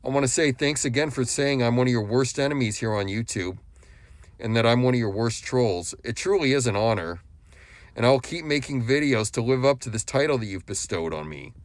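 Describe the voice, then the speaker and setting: A young man talks straight to the camera in a long scolding monologue. His voice sits at an ordinary middle pitch, and he lectures with contempt, hammering the same points again and again. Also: animated, brisk, dry recording. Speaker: YouTube commentator. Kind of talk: scolding monologue addressed to another YouTuber.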